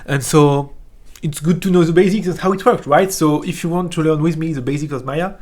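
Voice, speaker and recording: A man from France with a French accent, a 3D software teacher giving a casual, jokey tutorial that keeps checking in with "right?". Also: on the high side, fairly quick. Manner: chatty, jokey, ends phrases with "right?". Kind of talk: casual screen-recorded tutorial.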